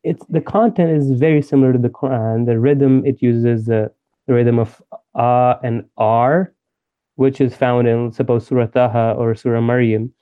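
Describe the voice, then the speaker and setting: A man's voice: medium pitch, steady tone, normal speed, clear, resonant tone. Man, podcast host, explanatory, hesitant, muffled lo-fi sound. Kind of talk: casual podcast chat. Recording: dull lo-fi audio.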